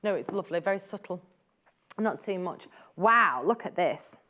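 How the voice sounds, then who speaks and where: A woman's voice: fairly low pitch, animated, normal speed, bright, forceful tone. A woman presenting fabrics on a live shopping channel, chatty and gushing as she exclaims over each print. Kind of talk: live TV selling chat.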